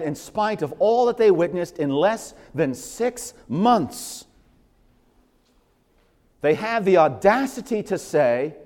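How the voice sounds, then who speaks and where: A man preaching with fervor, his voice sitting a little high for a man and carrying long reverb through the sanctuary. He builds his points through repetition and rhetorical questions. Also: darkish tone. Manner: impassioned, repeating phrases for emphasis. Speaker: pastor. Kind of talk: sermon.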